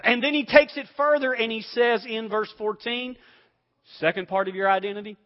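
Dramatic high-voiced preacher man. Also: lively intonation, normal speed, lo-fi sound. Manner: swings from loud emphatic bursts to soft near-whispers. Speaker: pastor. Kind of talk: sermon.

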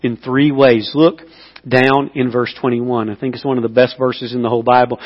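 A man preaching a sermon as pastor, telling stories with lively emphasis and dropping to a hushed voice. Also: mid-range voice, moderate pace. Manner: animated storytelling, swings between loud emphasis and hushed intimacy. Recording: long hall reverb.

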